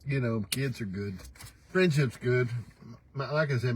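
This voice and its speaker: A man's voice: medium pitch, measured pace, slight background noise, low-quality recording. An older man hosting a casual morning livestream, folksy and teasing, laughing often as he talks. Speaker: host. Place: pickup truck.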